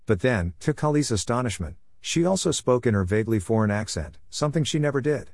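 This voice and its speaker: A man narrating a novel in a measured, descriptive storytelling manner. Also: mid-range voice, expressive, gravelly, darkish tone, dry recording, studio quality. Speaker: audiobook narrator. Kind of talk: scripted narration.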